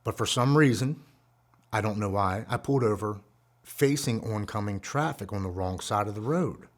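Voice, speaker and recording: A man's voice: lowish voice, normal speed. A man in his forties telling a raw, heartfelt story of his own recovery. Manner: earnest, raw and heartfelt, reliving painful memories. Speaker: guest speaker sharing a recovery story. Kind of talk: personal storytelling.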